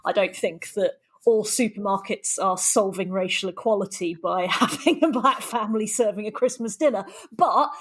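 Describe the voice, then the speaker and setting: A woman's voice: medium pitch, normal speed, hardly any pauses, breathy edge. A woman hosting a podcast, chatting casually, laughing often and wandering off on tangents. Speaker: podcast host.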